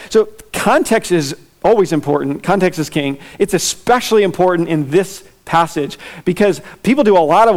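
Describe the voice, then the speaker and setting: A man preaching an expository sermon, teaching earnestly and repeating his key questions for emphasis. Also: high voice. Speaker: pastor.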